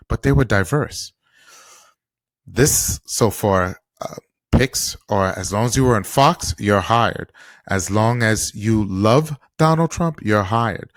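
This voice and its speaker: A man's voice: medium pitch, dry recording. A man hosting a political podcast, delivering an impassioned commentary monologue full of rhetorical questions. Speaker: podcast host.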